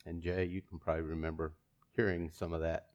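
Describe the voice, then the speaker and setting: A man's voice: deep voice, level tone, a little fast, darkish tone, lo-fi sound. Chuckling, self-deprecating male preacher. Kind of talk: sermon.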